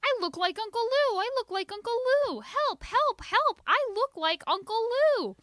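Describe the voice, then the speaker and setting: A woman puts on a high, piercing little-girl voice for a bossy, dramatic first grader in a storybook reading. The voice leaps wildly up and down, bright and sharp, always on the edge of shrieking. It sounds close and dry, with no room behind it. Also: big pitch swings, moderate pace, dry recording, full character voice. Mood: panicked. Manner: shrieking, melodramatic outbursts. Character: excitable loud little schoolgirl, dramatic and stubborn.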